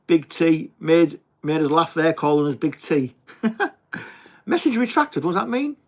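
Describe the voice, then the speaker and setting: A young man with a Teesside accent hosts a casual livestream, chatting to viewers and calling everyone mate. His voice sits a little high for a man, and his talk is loose and blokey with the odd swear word. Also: animated, normal speed. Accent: Teesside English. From England. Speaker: livestream host. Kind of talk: casual livestream chat reading viewer comments.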